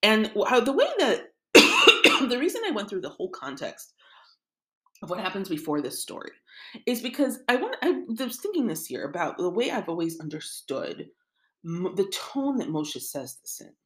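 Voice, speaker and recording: A woman's voice: mid-range voice, wildly swooping pitch, normal speed, sharp tone. A woman giving a casual spoken lesson on a Bible passage. She thinks aloud in a conversational way and often checks in with "right?". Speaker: Torah teacher.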